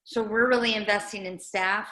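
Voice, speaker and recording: Earnest woman speaker, bright voice. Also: mid-range voice, fairly even intonation, moderate pace, roomy sound, rough recording. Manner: earnest, conversational, with fillers. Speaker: guest speaker, nonprofit director. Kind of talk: informal update talk at a meeting.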